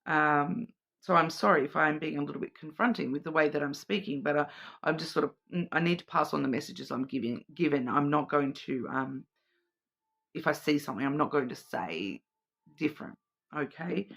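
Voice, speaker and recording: A woman talks through an intuitive card reading in a casual, wandering way. Her voice is bright and forward. She hesitates, repeats words and restarts her phrases as she goes. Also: low-pitched, moderate pace, vocal fry, husky. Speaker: tarot and oracle card reader.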